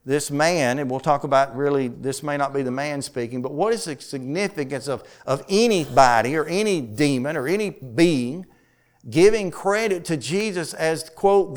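A man preaching a Bible study, asking his listeners questions and reading scripture slowly with weight. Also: fairly high pitch, animated. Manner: asks the congregation questions, reads scripture slowly with emphasis. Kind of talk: conversational sermon teaching.

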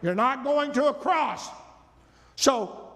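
Preacher guy doing a hotheaded disciple, twang, way up high and yelling, big echo. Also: lively intonation, slow, full character voice. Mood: indignant. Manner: loud, blustering, pushy. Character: brash hotheaded male disciple scolding his leader. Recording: long reverb of a large hall.

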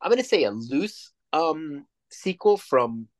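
A man's voice: fairly high pitch, very animated, a little slow. A man co-hosting a casual podcast, talking in a rambling, emphatic way with plenty of swearing. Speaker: podcast co-host. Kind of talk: casual chat.

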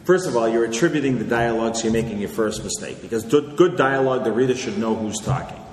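A man's voice: mid-range voice, quick pace. Man lecturing in an echoey hall. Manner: conversational, lecturing, checks in with "okay?". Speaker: author answering audience questions. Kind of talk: live Q&A talk. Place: large hall with audience. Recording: echoey hall, faint noise.

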